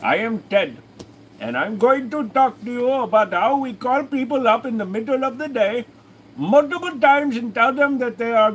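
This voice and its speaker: Man doing a bouncy, high-voiced scam caller with a fake accent, all eager helpfulness. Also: slight background noise, low-quality recording. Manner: put-on accent, singsong and high. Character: male phone scam caller, pushy and overly friendly.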